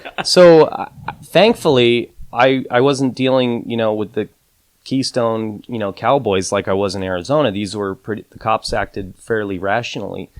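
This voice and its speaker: A man with a fairly low voice tells a rambling story on a podcast, padding it with fillers and "you know". He raises his voice to act out the lines he quotes. The sound is close and dry, with no room around it. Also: normal speed, no room sound. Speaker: podcast guest, advantage gambler. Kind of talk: casual storytelling interview.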